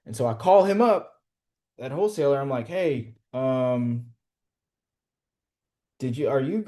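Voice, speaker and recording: Man, mellow low-brightness voice, casual storyteller, slangy, swears a lot, video call. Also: animated, a little slow, pauses often. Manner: slangy and profane, says "bro" and "like" often. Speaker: real estate wholesaler coaching a group.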